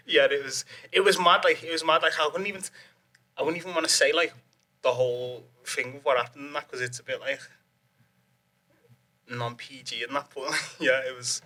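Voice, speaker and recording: A man's voice: medium pitch, steady tone, normal speed, pauses often, pushed and bright. A young man, a guest on a podcast, telling a story in rambling casual chat, swearing freely and laughing often. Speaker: guest, MMA fighter.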